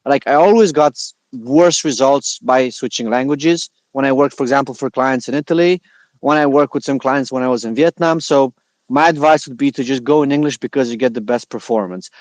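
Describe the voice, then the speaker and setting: A man talking casually as a podcast guest, relaxed and joking, with many fillers. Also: mid-range voice, a little fast, no room sound. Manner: relaxed, jokey, uses many filler likes.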